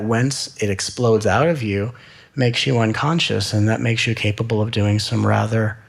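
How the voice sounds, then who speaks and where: A man giving a spiritual talk, gentle and soothing, with slow repeated phrases. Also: fairly low pitch, gravelly. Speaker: spiritual teacher.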